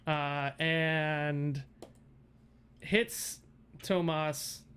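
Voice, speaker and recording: Giggly, high-voiced male game master. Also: fairly even intonation, extremely slow, fairly bright tone, smooth. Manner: giggly, rambling narration full of fillers. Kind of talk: narrating a tabletop game on a livestream.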